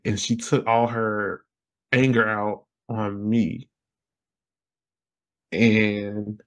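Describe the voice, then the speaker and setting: A young man with a medium-pitched voice tells a personal story as a podcast guest. He's animated, laughs a lot, and acts out the things he said back then.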